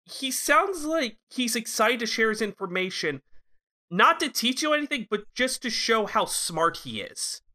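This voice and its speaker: Bright, chatty podcast co-host. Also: mid-range voice, big pitch swings, a little slow. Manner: chatty, swearing, teasing. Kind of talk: casual chat.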